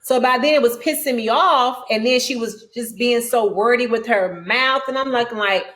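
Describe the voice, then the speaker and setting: A woman, a guest telling a story in casual talk, acting out her own quotes with big jumps in voice. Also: normal speed. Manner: animated, quoting herself with sharp pitch jumps. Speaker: guest, reality TV cast member.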